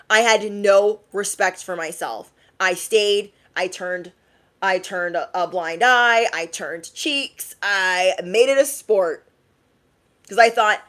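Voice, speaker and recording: A woman tarot reader giving a casual message to her viewers, chatty and animated, often laughing and repeating lines for emphasis. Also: mid-range voice, takes it slowly. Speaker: tarot reader and motivational YouTuber.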